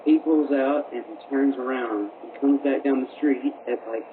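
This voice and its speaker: A man's voice: mid-range voice, steady tone, moderate pace. A young man tells his part of the story plainly, in short, clipped sentences. The recording is thin and phone-like, with hiss behind it. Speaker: friend telling a story. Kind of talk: casual storytelling.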